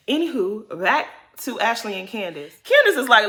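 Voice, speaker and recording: A woman's voice: medium pitch, very animated, a little fast, few pauses, pushed and bright. A woman giving a casual, blunt and sassy recap of a reality show, with plenty of cursing.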